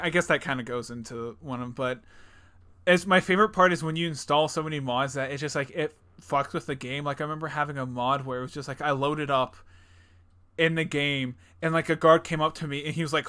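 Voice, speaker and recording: Bright-voiced young man, rambling and laughing. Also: fairly high pitch, steady tone, fast talker, smooth. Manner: rambling, laughs often, acts out game characters. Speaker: podcast co-host. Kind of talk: casual chat.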